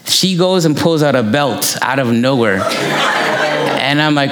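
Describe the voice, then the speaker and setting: A man's voice: on the high side, slow pace, a crowd in the background. Give me a man preaching in a church, anecdotal and conversational, with a roomy echo. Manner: conversational, anecdotal, quotes himself. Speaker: preacher and missionary. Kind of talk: sermon with personal storytelling. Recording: echoey church room.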